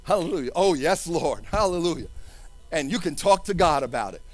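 A man's voice: a little high, expressive, brisk. A man preaching a sermon with fervent, sing-song delivery and repeated hallelujahs.

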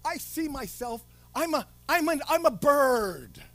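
Male preacher doing a soft-spoken dreamer, marveling, playful, high and lilting. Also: big pitch swings, measured pace, vocal fry, faint music behind, heavily acted. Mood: dreamy. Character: dreamy man imagining himself anything.

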